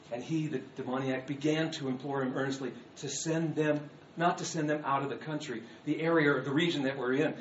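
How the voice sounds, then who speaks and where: Male pastor mid-sermon, fairly high voice, dull lo-fi sound, faint hum behind. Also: a little fast. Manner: animated, shifting between hushed asides and loud dramatic readings. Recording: echoey room, distant mic, dull sound.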